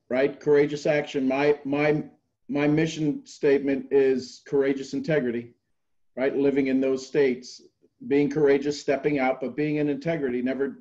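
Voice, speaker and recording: A man's voice: mid-range voice, warm tone, muffled recording. A man hosting a group call, giving earnest motivational coaching and repeating key phrases.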